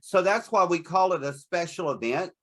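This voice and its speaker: A candid, chatty man talks through an interview about his horror hosting show, breaking into laughter often. His voice sits a little high for a man and carries easy good humor. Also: expressive, normal speed. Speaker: guest, horror host performer. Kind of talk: casual interview.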